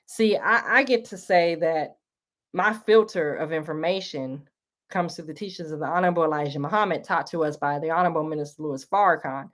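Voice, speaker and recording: A woman's voice: deep voice, fairly quick. A woman hosting a live talk, speaking earnestly and preachily to her listeners, calling them y'all. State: emotional, tearing up. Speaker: livestream host. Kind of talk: casual spoken monologue.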